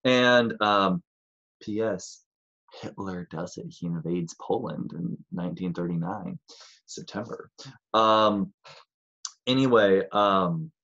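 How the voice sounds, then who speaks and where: A man's voice: low voice, takes it slowly, fairly bright tone, dull audio. A man teaching a casual history lesson in a chatty, rambling way, sometimes acting out voices of historical figures.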